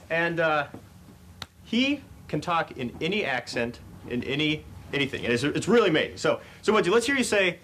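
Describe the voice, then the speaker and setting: High, lively awkward mock host. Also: male voice, a little hiss or hum. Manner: upbeat, stumbling, awkward. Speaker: comedy show host. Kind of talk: mock talk-show hosting.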